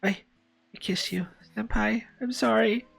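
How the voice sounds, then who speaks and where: A woman's voice: fairly low pitch, lively intonation, normal speed, darkish tone, pitched above the performer's own voice. A woman voicing a shy, flustered schoolgirl in love, stammering and apologetic as she reads a yuri story aloud in character.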